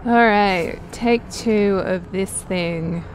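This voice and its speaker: A woman playing a role-playing game, reading its text aloud and thinking aloud in a relaxed, casual way. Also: mid-range voice, extremely slow, a little hiss or hum. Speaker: game streamer.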